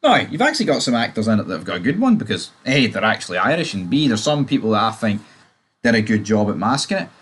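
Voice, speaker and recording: A man's voice: fairly low pitch, big pitch swings, quick pace, a bit bright, breathy edge. A man reviewing a TV show in casual, opinionated chat, rambling with loose asides to the viewer.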